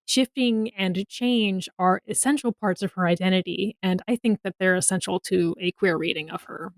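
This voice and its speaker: A woman co-hosts a casual podcast and sums things up with open enthusiasm. Her pitch sits in the middle of the range. The recording is dry and close. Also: steady tone, moderate pace, no echo. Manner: enthusiastic, wrapping up with a summary. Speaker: podcast co-host.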